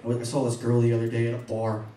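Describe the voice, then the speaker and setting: A male stand-up comedian on a comedy club stage, doing his routine in an animated way and jumping into high mock voices. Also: fast talker. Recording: echoey club from far off. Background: audience laughter.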